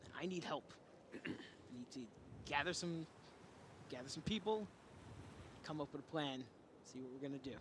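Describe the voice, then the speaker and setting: A man's voice: on the high side, moderate pace, noisy background, lightly acted. A man as Botorius, a stranded adventurer. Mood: urgent.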